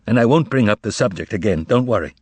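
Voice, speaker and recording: A man's voice: lowish voice, expressive, fast, darkish tone, husky, no echo. A man voicing a weary, troubled writer who speaks firmly, with a wry, resigned edge, in an audiobook.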